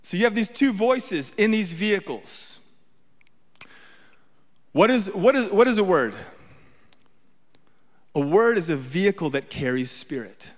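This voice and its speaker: A man's voice: sits high, lively intonation, a little slow, pauses often, big-room sound. A man giving a sermon as guest preacher, talking conversationally and often checking in with the congregation. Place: church sanctuary.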